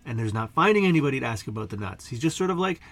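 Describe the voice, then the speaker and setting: A man's voice: mid-range voice, big pitch swings, racing, a bit bright. A man streaming to a chat, telling an improvised, silly story in a meandering, joking way with many asides. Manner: meandering, self-interrupting, joking.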